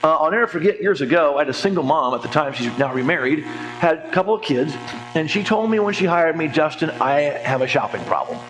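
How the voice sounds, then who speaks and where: A man's voice: fairly high pitch, fast, soft background music. A man in his forties, a financial coach teaching a church class in a conversational way, telling stories and acting out quoted voices with jokes. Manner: lively storyteller, acts out quoted voices, jokes. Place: church hall.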